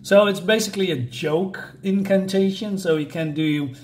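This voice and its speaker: A man's voice: sits high, normal speed, a little mellow. A man giving a casual, rambling review of a comic book, drifting into asides with frequent fillers.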